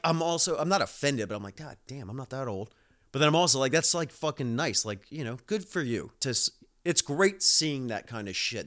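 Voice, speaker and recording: A man's voice: mid-range voice, a bit bright. Rambling, cursing man. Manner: rambling, profane, many fillers. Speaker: podcast host. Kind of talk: casual monologue.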